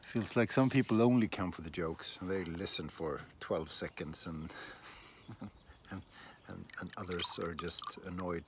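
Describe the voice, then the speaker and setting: Slow, rambling man chatting outdoors. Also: deep voice, a little hiss or hum. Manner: rambling, self-deprecating, many restarts. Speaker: shaving vlogger. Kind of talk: casual outdoor vlog chat. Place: outdoors in a windy garden.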